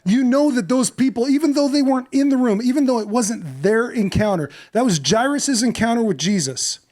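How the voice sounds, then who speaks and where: A male pastor preaching a sermon, telling a story dramatically, acting out voices and moving from hushed to loud. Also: extremely high pitch, expressive, a little fast.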